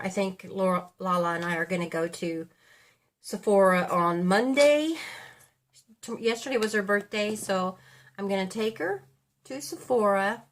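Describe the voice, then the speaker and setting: A woman in her fifties chatting casually as a beauty vlogger, rambling and correcting herself as she goes while getting ready at home. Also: mid-range voice. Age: 50s. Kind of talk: casual chat.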